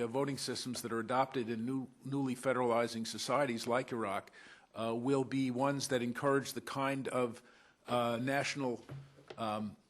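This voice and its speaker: A man of ordinary pitch delivers a conference lecture as a law professor, speaking in a measured academic register. His delivery is halting, broken up by frequent filler sounds and restarted phrases. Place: lecture room at a law school panel.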